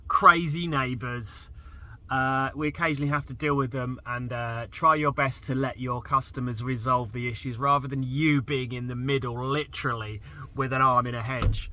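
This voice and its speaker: Bright-voiced man telling a rambling story. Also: mid-range voice. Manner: rambling with many fillers. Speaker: gardener vlogger. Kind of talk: casual storytelling.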